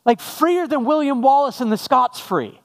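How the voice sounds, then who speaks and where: A man's voice: very high-pitched, lively intonation, normal speed, gravelly. A male pastor giving a sermon after an opening prayer, conversational with jokey asides to the congregation.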